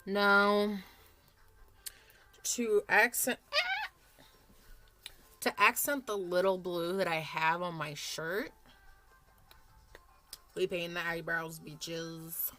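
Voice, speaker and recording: A woman's voice: fairly low pitch, steady tone, takes it slowly, long pauses, bright, forceful tone, faint music behind. A woman in her thirties chatting casually and rambling as she does her makeup at home on camera for a vlog, swearing freely. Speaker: vlogger.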